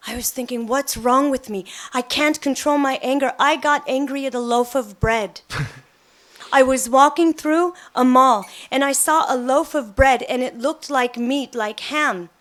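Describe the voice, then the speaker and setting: A middle-aged woman gives a devotional talk, sharing personal stories with animated storytelling and acting out the quotes. She speaks at a measured pace in a high voice.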